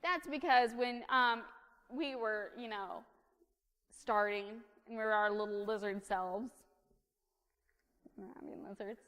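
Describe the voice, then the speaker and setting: A woman in her thirties giving a chatty, humorous sermon in a church, full of lively asides. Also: mid-range voice, unhurried, pauses often, clean tone. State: caffeinated, fast-talking. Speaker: preacher. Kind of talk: conversational sermon. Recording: long reverb of a church hall.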